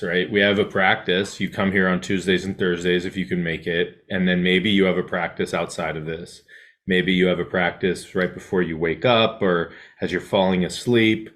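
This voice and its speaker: A man with a somewhat low voice leads a mindfulness class in a loose, conversational way. He wanders through his points with restarts and frequent "right?" check-ins. When he guides the breath, his voice sinks to a soft hush. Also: fairly even intonation, moderate pace. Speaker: mindfulness teacher. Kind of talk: casual mindfulness talk to a class.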